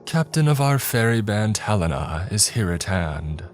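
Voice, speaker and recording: A man's voice: fairly low pitch, big pitch swings, unhurried, faint music behind, voice pushed up. A man voicing a kind teenage girl who acts in summer theater. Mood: earnest.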